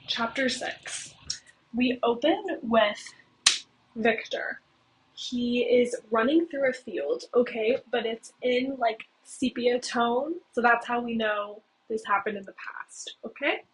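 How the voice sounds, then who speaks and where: A young woman hosting a video, casually recapping a story in a chatty way, with lots of "like" and "okay?". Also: slow. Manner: chatty, heavy use of "like" and "okay?". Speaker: video host. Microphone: cheap home mic. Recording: noisy low-quality home mic with clicks.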